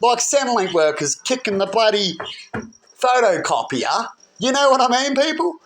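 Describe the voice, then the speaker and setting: A man's voice: extremely high pitch, very animated, normal speed, fairly bright tone. A man ranting heatedly to camera, rambling and often asking "right?". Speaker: vlogger. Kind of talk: agitated personal rant.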